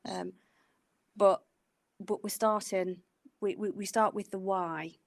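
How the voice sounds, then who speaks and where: This middle-aged woman's voice is medium-pitched, creaky and steady, delivered slowly with no echo. A nurse and podcast co-host, she chats casually about advice, rambling with many fillers and admitting she wanders onto tangents.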